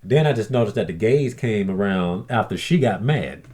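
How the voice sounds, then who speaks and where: A male vlogger tells a story as a casual, aggrieved rant, his lowish voice darkish in tone, lively in intonation and at normal speed. He's blunt, swears often, and acts out others' lines in mimicked voices.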